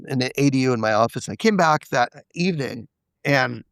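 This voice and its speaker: A man's voice: medium pitch, animated, fairly quick, creaky, fairly bright tone, no echo. A man as a podcast guest, candidly telling a personal story and acting out the quoted dialogue. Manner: confessional, acts out quoted dialogue.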